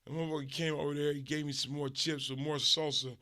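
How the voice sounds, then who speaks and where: A middle-aged man from Los Angeles hosting a stream, ranting through a comic story in an animated, profane way with big swings in pitch and volume. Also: fast. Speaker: stream host.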